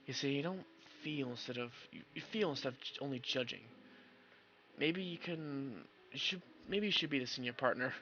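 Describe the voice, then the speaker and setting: Guy voicing a troubled young detective partner, soft and somber, bright tone, lo-fi. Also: medium pitch, normal speed, slight background noise, natural voice.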